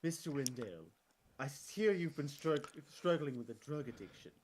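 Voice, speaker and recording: A man's voice: a little high, lively intonation, moderate pace, a little mellow, a little hiss or hum, lightly acted. A man voicing a haughty, greedy male cleric healer who haggles over his fee in a tabletop game. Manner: pompous, haggling.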